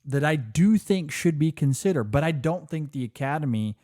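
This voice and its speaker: A man's voice: on the high side, expressive, normal speed, mellow, no echo, clean studio sound. A man co-hosting a film podcast in casual chat, rambling and enthusiastic, restarting his sentences often.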